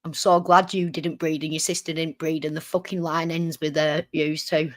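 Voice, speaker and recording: Woman host reacting to clips, sarcastic and sweary, lowish voice, close dry sound. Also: flat delivery, normal speed, dry recording. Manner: sarcastic, sweary, talks back at the clip. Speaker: streamer host. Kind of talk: reaction commentary.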